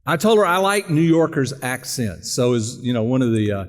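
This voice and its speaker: Male pastor, easygoing host with halting delivery, heard in a large reverberant sanctuary. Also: medium pitch. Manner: relaxed, halting with fillers. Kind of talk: church service announcements and interview. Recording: long church reverb.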